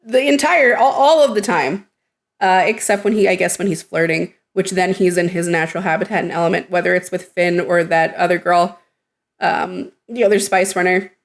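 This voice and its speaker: A woman co-hosting a podcast in casual chat, animated, laughing often and acting out characters' lines. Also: on the low side, moderate pace. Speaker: podcast co-host.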